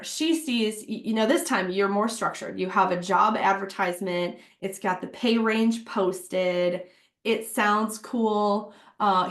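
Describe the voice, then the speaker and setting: A woman's voice: mid-range voice, roomy sound. A woman giving a casual business workshop talk, chatty, with many fillers and acted-out quotes. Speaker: HR workshop presenter. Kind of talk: casual webinar presentation.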